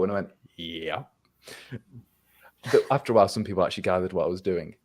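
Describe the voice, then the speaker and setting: A man's voice: sits low, fast talker, long pauses, a little mellow. A young Englishman with an English accent on a video call, telling a wry story in casual chat, with many restarts and quoted back-and-forth. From England.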